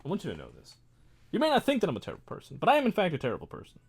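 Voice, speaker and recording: Man, livestream host, casual rambling chat, self-mocking, lively up-and-down pitch. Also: very fast, breathy edge. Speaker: livestream host building a model kit.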